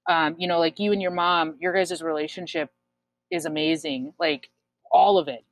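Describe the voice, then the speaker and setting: A woman's voice: fairly low pitch, fairly even intonation, moderate pace, no echo. A woman in her twenties, telling her own story frankly in a casual chat, swearing often and using many fillers. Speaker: guest sharing her story.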